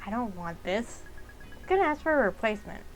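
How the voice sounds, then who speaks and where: A woman's voice: mid-range voice, sing-song, brisk, a little hiss or hum. A woman voicing a defiant, hot-tempered young girl in a game, blunt and combative.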